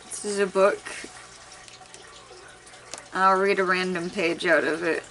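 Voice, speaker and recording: A woman's voice: on the low side, steady tone, slow, noisy background. A young woman in a laid-back, tired casual chat at home, giggling now and then as she reads aloud. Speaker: vlogger reading aloud.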